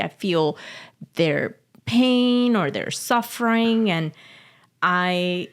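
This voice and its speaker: A woman telling a personal story as a podcast guest, emotional and halting, often laughing. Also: medium pitch, smooth. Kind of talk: casual interview storytelling.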